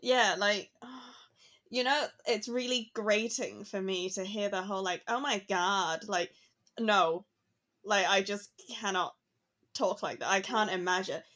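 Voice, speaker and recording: A woman from Hong Kong co-hosting a podcast, chatting in an expressive, casual way. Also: mid-range voice, measured pace. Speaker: podcast co-host. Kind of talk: casual chat. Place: London.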